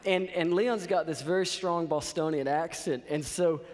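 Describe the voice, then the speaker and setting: A man in his thirties telling a lively story as a college chapel speaker, often checking in with his audience. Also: a little high, moderate pace. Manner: animated storyteller, checks in with "okay?". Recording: reverberant chapel hall.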